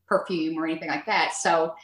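A woman describing strange happenings at home in a halting way, searching for words as she goes. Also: sits low, fairly even intonation, fairly bright tone. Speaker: guest describing hauntings. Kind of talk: casual chat. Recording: roomy echo.

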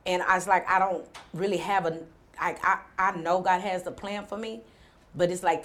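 Woman interview guest, low-pitched, candid and rambling. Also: fairly even intonation, normal speed, fairly bright tone. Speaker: entrepreneur guest.

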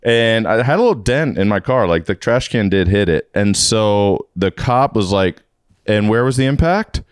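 A man with a low, smooth voice tells a story in easy podcast chat. He slips into the voices of the people he quotes. The sound is close and dry. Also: lively intonation, moderate pace, dry recording. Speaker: podcast guest.

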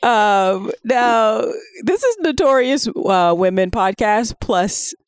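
A woman co-hosting a podcast, telling a story in a casual, animated way with laughter and many fillers. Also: on the high side, slow, smooth, no echo, studio quality. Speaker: podcast co-host.

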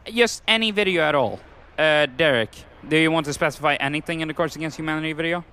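A man's voice: a little high, fast, smooth. A young man hosting a casual podcast chat with friends over a voice call, swearing often and tripping over his words. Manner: swears often, animated, stumbles and repeats words. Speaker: podcast host.

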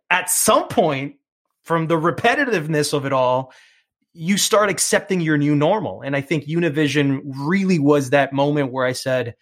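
A man's voice: on the high side, fairly bright tone. A middle-aged man with a New York accent, telling his career story as an interview guest, earnest and prone to repeating words as he starts a thought. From New York, United States. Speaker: TV presenter and film critic as interview guest.

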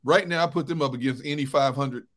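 A middle-aged man co-hosting a sports talk show, telling relaxed stories and chuckling often. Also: medium pitch, fast talker. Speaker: sports radio co-host. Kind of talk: casual chat.

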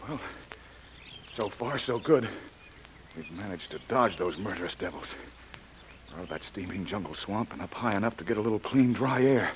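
A man's voice: lowish voice, expressive, moderate pace, lightly acted, rough recording. Jungle Jim, as a man acts him, a rugged adventurer. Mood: tough. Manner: tough, talks to himself. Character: rugged jungle adventurer guarding a sick woman. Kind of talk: 1930s radio acting. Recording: hissy old radio recording.

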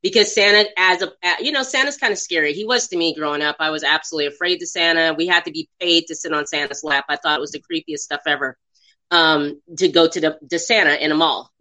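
A woman co-hosts a relaxed movie chat, quick to laugh and eager to agree. Her voice is bright and forceful, sitting a little low in pitch. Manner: enthusiastic, laughs often, agrees a lot. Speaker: podcast co-host. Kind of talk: casual chat about a movie.

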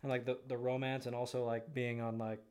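A man's voice: medium pitch, level tone, brisk, darkish tone, clean tone. A man co-hosting a podcast in casual chat, rambling with lots of fillers. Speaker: podcast co-host.

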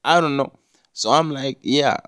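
A man's voice: medium pitch, unhurried, fairly bright tone, no room sound, studio quality. A man hosting a solo podcast, talking casually in a rambling, profane way with many restarts. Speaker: podcast host.

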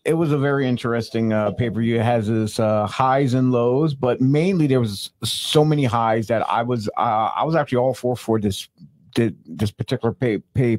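A man co-hosting a talk show, giving his review in relaxed chat. His voice sits in an ordinary middle range. He stumbles and restarts often as he gathers his thoughts. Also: mid-range voice. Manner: halting, many fillers and restarts. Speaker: podcast co-host.

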